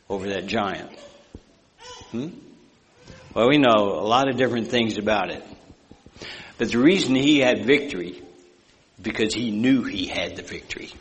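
Folksy preacher with hall reverb. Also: male voice, lowish voice, a bit bright. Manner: folksy, rambling, with fillers and asides. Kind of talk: sermon with storytelling.

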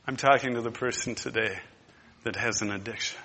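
A man preaching a sermon, impassioned and emphatic. He moves between hushed and loud. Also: mid-range voice, brisk, long reverb tail. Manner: repetitive, emphatic.

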